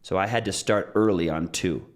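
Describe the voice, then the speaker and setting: Deep-voiced man teaching pronunciation. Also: moderate pace. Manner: relaxed, explains with examples and repeats phrases. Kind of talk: casual spoken lesson.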